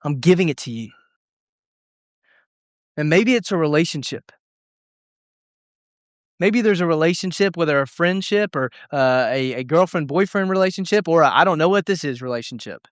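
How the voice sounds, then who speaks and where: Young male youth pastor, earnest and emotional sermon, fairly high voice, dry sound. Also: animated, moderate pace, dry recording. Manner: earnest, emotional storytelling with many restarts.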